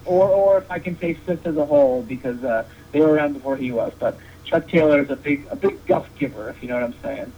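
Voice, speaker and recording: Man, joking wrestling referee guest, slightly high voice, muffled lo-fi recording, faint hiss. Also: fast, few pauses. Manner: joking, rambling with many restarts. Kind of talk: casual podcast interview. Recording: dull lo-fi sound with faint noise.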